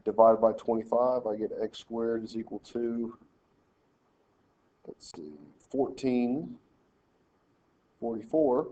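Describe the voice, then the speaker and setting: Guy teacher walking thru math problems step by step, mellow voice, kinda dull lo-fi sound. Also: mid-range voice, fairly even intonation, slow, long pauses. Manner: talks through problems step by step, directing students. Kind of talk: screen-recorded math lesson walkthrough.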